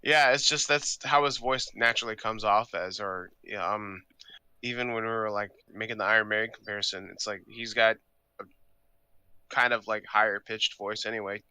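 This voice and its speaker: A man's voice: lowish voice, steady tone, moderate pace, sharp tone, clear, resonant tone, no room sound. A man co-hosting a casual album review chat, swearing freely and saying "like" a lot.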